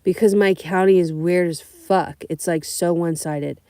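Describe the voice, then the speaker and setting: A young adult woman from California, a rideshare driver, telling profane, animated stories on a casual livestream. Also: on the low side, moderate pace, no room sound. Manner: blunt, profane, animated storytelling.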